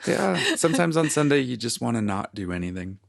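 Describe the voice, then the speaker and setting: A man's voice: medium pitch, very animated, a little fast, gravelly, no room sound, studio quality. A man co-hosting a casual podcast, laid-back and jokey, prone to small tangents. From United States. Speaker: podcast co-host. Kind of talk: casual chat. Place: lives in Calgary, Canada.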